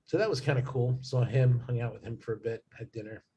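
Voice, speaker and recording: A man's voice: medium pitch, quick pace, mellow, highs cut off. A man talking as a guest in a casual chat, rambling with many fillers and restarts.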